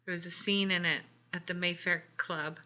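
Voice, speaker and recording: A woman's voice: lowish voice, steady tone, normal speed, pushed and bright. A middle-aged woman, co-hosting a casual chat and reminiscing in an enthusiastic, playful way. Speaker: co-host. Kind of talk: casual chat while doing makeup.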